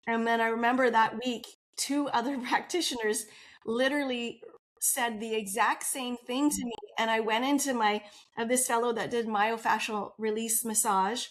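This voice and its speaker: A woman's voice: on the high side, steady tone, normal speed. A woman guest on a podcast interview, telling her personal story in an open, earnest way and laughing often.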